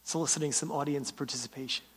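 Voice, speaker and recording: This pastor talks fast in a mid-range voice with fairly even intonation, and there's slight background noise. His sermon is conversational, full of "right?" check-ins and words repeated as he begins sentences.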